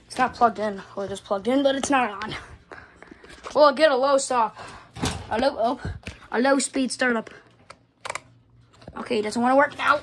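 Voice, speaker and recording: A woman with a high-pitched voice talks through a casual home vlog, recorded on a phone she holds while filming. She rambles excitably and swears at almost every turn. A faint hiss sits behind her voice. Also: normal speed, pauses often. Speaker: hobbyist vlogger showing her fans. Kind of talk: casual unscripted vlog commentary. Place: indoors at home. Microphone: phone camera held while filming.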